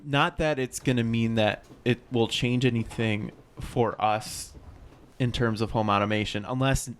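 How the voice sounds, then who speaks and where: A man's voice: mid-range voice, fairly even intonation, measured pace, a little hiss or hum. A young man co-hosting a podcast, chatting casually and rambling with fillers. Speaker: podcast co-host. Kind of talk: casual chat.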